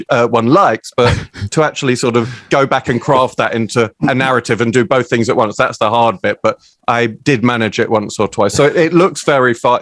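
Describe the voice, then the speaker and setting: A man's voice: medium pitch, fairly bright tone, no echo. A man with a British accent, a children's author on a podcast, playful and wry. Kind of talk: casual podcast chat.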